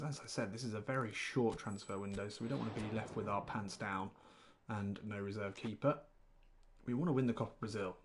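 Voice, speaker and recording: A man's voice: on the low side, a little hiss or hum. A man, rambling chattily through live gameplay commentary while greeting chat viewers. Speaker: game streamer.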